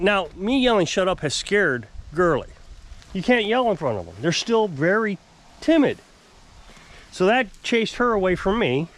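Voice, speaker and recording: A man ranting on a casual vlog, irritated and worked up as he tells the story. His voice is high for a man and jumps around animatedly, with a lot of rise and fall. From United States. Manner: aggravated, ranting storytelling with quoted yelling. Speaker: vlogger, off-grid homesteader.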